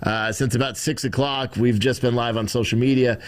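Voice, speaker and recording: A man's voice: medium pitch, steady tone, fairly quick. Brief: young guy host, profane live-stream rant, blunt and rambling, at a desk mic. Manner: blunt, crude, rambling with fillers. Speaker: livestream host.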